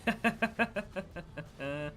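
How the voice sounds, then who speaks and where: A man's voice: high voice, lively intonation, drawn-out words, bright, forceful tone, faint music behind. A young man casually chatting while streaming a game, rambling and full of fillers, laughing easily. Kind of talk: casual live gameplay commentary.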